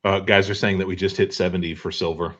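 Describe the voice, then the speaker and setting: A man's voice: low-pitched, flat delivery, quick pace, a bit bright. A man with an easygoing, wry manner, co-hosting a casual livestream chat from home. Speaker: co-host. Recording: dull lo-fi call audio.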